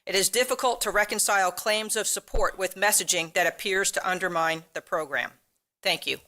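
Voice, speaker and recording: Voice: mid-range voice, brisk, bright, forceful tone. A middle-aged speaker reading a pointed, formal, critical statement during public comment at a council meeting.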